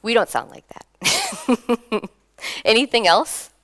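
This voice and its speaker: A young woman from Minnesota giving a lively conference talk, laughing between points and drawing in the audience. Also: on the high side, slow pace. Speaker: conference speaker. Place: conference hall.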